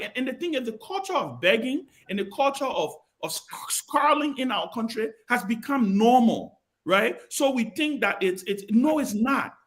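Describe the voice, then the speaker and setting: A Liberian man with a notably high speaking voice argues hard in a TV studio panel debate. He pushes his points with fervour, doubling back on words to keep the floor. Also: fairly bright tone. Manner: passionate, repeats words while holding the floor. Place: television studio.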